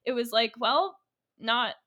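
A woman's voice: a little high, animated, takes it slowly, sharp tone, lo-fi sound. A woman co-hosting a podcast, chatty and giggly, retelling a movie plot in casual conversation. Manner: chatty, giggly, many fillers. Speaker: podcast co-host. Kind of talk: casual chat, recapping a movie.

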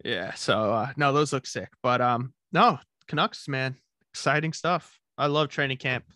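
A young man co-hosting a sports podcast in a relaxed, casual way, often saying dude and bro. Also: medium pitch, measured pace, no echo, clean studio sound. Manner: laid-back, says dude and bro often. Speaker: podcast co-host.

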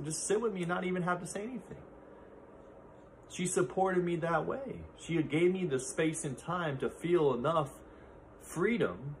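Male host, 30s, slightly high voice, earnest and heartfelt solo talk. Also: a little hiss or hum. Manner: earnest, heartfelt, speaks from personal experience. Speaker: podcast host.

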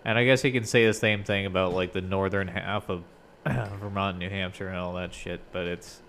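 A man's voice: sits low, fairly even intonation, normal speed, a bit bright, slight background noise. A man chatting casually as co-host, swearing often and drifting between topics. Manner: profane, loose and digressive. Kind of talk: casual chat.

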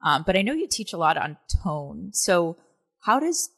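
A woman's voice: lowish voice, very animated, normal speed, vocal fry, breathy edge. A woman hosting an interview, chatty and casual, asking questions with many fillers. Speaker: interview host.

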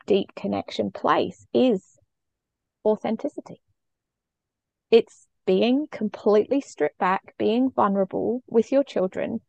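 A woman's voice: medium pitch, vocal fry, darkish tone, no room sound, muffled recording. A middle-aged woman, a parenting coach, speaking earnestly and openly as a podcast guest. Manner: earnest, reflective, emotionally open. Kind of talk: conversational interview storytelling.

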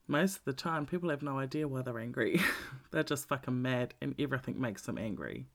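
A man's voice: mid-range voice, expressive, brisk, gravelly. A man giving a blunt, profane, candid talk about emotional healing, repeating his points for emphasis.

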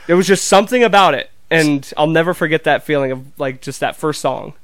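A man chats casually on a podcast, rambling through fillers with real enthusiasm. His voice is a touch higher than most men's and smooth. The sound is dry and close. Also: fairly quick, no room sound. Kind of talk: casual chat.

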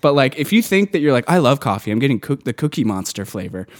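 A man venting loudly in casual podcast chat, worked up and mimicking customers as he rants. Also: mid-range voice, quick pace. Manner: ranting, animated, mimics customers. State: worked up and loud. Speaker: podcast co-host.

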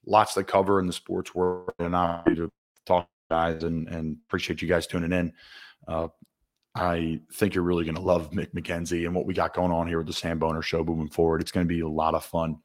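Deep-voiced Philly podcast host. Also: male voice, little pitch movement, brisk. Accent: Philadelphia. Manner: chummy, addresses listeners as guys. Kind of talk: casual podcast hosting.

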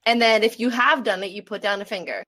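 A woman on a casual group video call, eager and pushy, jumping in with quick interjections. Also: medium pitch, a bit bright. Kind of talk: casual chat.

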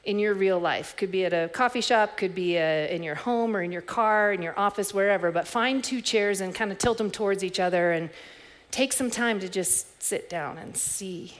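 A woman's voice: medium pitch, moderate pace, hardly any pauses. Reflective woman preaching a sermon. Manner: reflective, storytelling, many soft restarts. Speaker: pastor.

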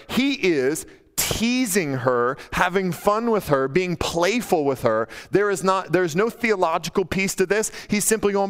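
A male pastor preaching a casual, animated sermon, acting out quotes in a playful, high teasing voice. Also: normal speed, clear, resonant tone. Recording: long hall reverb.

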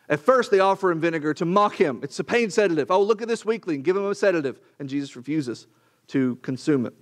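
An earnest man leads a Bible class in a sermon-like, conversational way. He leans on rhetorical questions and repeats his points. His voice sits a little high for a man. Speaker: preacher teaching a Bible class.

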